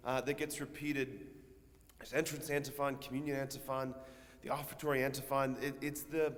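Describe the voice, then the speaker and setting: A male priest gives a homily in a long-echoing church, chatting easily with the congregation. He uses a mid-range voice and swells into loud, stretched-out emphasis on key phrases. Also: mid-range voice. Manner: conversational, asks the congregation questions. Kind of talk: sermon.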